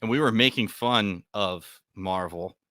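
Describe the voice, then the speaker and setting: A man with a very low voice and a bright, forceful edge talks casually on a podcast. He keeps acting out little quoted reactions. The sound is dry. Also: unhurried, dry recording. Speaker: podcast co-host.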